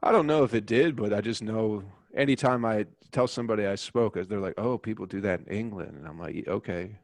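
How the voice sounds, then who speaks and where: A man's voice: lowish voice, a little fast, dry recording. A man, a comedian guest on a podcast, chatting casually with blunt jokes.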